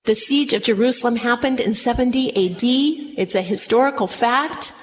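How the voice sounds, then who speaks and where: Brief: dramatic female preacher, high pitch, recorded in a reverberant hall. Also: normal speed. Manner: dramatic, acts out scripture voices. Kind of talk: sermon. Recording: long hall reverb, faint noise.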